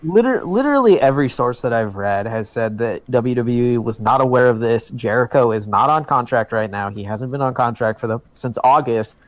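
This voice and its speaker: A man co-hosting a wrestling podcast in casual chat, talking in an excitable, emphatic way and swearing freely. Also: medium pitch, a little fast, hardly any pauses. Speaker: podcast co-host.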